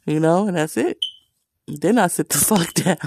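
Gravelly woman, blunt and profane. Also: fairly low pitch, a little mellow, no echo, clean studio sound. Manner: blunt, profane, laughs often; frequent "you know" fillers. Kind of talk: candid personal monologue.

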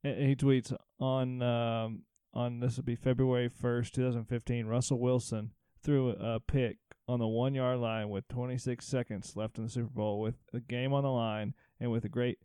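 Male co-host, easygoing chat, mellow tone, dry sound. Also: mid-range voice, flat delivery, normal speed, few pauses, clean tone, no echo. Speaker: podcast co-host. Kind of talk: casual chat.

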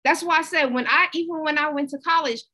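Lady w a high voice doing a pep talk, chatty and lively, repeats stuff for emphasis. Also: fast talker, low-quality recording. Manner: conversational, animated, repetitive. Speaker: motivational speaker. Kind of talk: inspirational talk.

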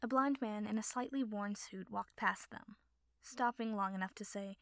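Gravelly woman narrating a story. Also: medium pitch, fairly even intonation, normal speed, fairly bright tone, no room sound. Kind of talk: audiobook fan fiction reading.

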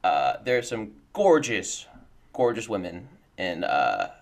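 A man's voice: fairly low pitch, very animated, slow. A young man co-hosting a podcast in casual chat, joking with crude banter. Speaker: podcast co-host.

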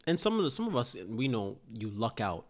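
A young man in casual conversation, telling a story with animated delivery, laughing often and acting out the lines he quotes. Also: medium pitch, a little fast. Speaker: former player, interviewer.

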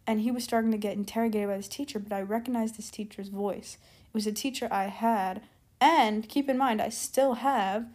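A medium-pitched, darkish-toned woman narrates a storytime vlog. Her delivery is casual and meandering, studded with "like" and "keep in mind," and she stops to retrace her steps when she loses her thread.

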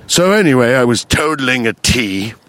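Man doing a pompous British gentleman voice, put-on British accent, slow grand mock-formal delivery, medium pitch. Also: expressive, dry recording, close to an everyday voice. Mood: grandly formal. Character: pompous upper-class British gentleman, older, fanciful.

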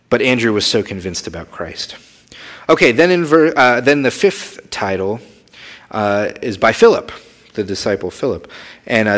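Male preacher, low voice, animated sermon delivery with acted-out quotes. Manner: animated, acts out quoted voices with sudden rises and drops. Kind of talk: sermon teaching.

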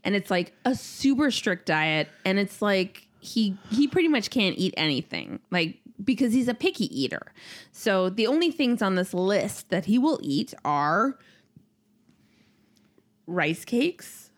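A woman in her thirties chatting casually as a podcast co-host, telling stories with animated delivery and a lot of swearing. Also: medium pitch, a little slow. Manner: animated storytelling, frequent swearing. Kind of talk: casual chat.

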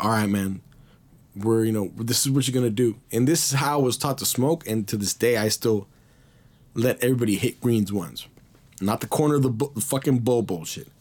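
A man's voice: mid-range voice, darkish tone. Man, podcast host, casual storytelling, profane, slangy, rambling.

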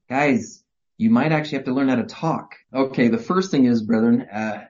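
Middle-aged guy running a workshop, quick and energetic, muffled audio. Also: mid-range voice. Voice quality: energetic, quick, acts out dialogues. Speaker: marriage workshop presenter. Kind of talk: live workshop lecture. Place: workshop session. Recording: muffled lo-fi recording.

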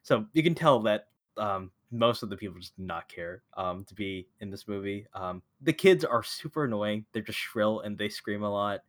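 A man's voice: on the low side, animated, moderate pace, few pauses, a bit bright. Blunt, laughing male podcast co-host. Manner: blunt, critical, laughs often. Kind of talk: casual podcast chat. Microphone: remote call mic.

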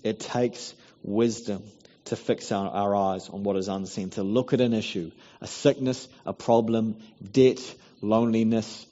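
A male pastor delivers a heartfelt sermon in a low, warm voice. He pleads with his listeners and rises to loud urging. The recording is muffled, with a long hall reverb around him. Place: church hall.

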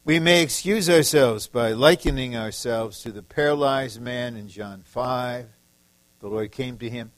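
A man's voice: mid-range voice, a little slow, dry recording, poor audio. A man from the Detroit area preaching a sermon, emphatic and repetitive, acting out short quoted lines. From Detroit area, USA.

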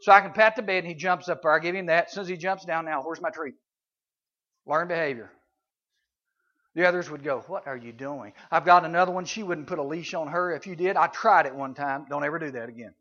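High, bright man telling stories. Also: quick pace. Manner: storytelling with sound effects and voices. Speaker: camp speaker. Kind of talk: folksy teaching talk to youth. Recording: dull lo-fi recording.

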